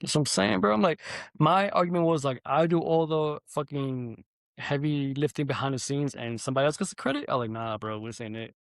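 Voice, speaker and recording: A young man hosting a podcast, telling an animated, profanity-heavy story in casual chat. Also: on the high side, brisk, creaky, dry recording. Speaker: podcast host.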